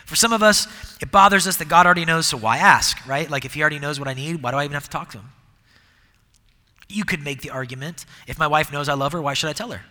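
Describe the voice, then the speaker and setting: A middle-aged man preaching a sermon, with a conversational, animated manner and many restarts. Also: mid-range voice. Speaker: pastor. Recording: long hall reverb.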